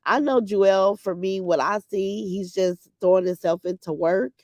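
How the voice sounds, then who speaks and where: A woman's voice: mid-range voice, unhurried, no echo. A middle-aged woman hosting a livestream, chatting candidly with viewers and reading their comments, emotional and open about grief. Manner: emotional, candid, swings from grief to loud laughter. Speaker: livestream host.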